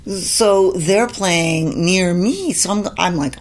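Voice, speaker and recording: Husky-voiced woman telling lively stories. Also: fairly low pitch, slow pace, few pauses. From Canada. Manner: animated anecdote-telling, acting out quotes, laughs often. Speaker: guest singer. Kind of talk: casual storytelling in a podcast interview.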